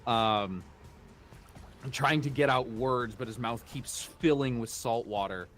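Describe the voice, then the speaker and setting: Slow deliberate male game master. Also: mid-range voice, fairly bright tone, faint music behind. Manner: slow, deliberate, dramatic pauses. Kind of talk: dramatic game narration.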